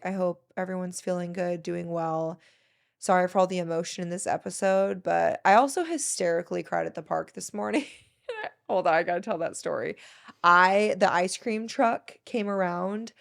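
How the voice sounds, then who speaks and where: Chatty gushing woman with vocal fry. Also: on the low side. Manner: chatty, emotional, gushing storyteller. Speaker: podcast host. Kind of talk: solo casual chat.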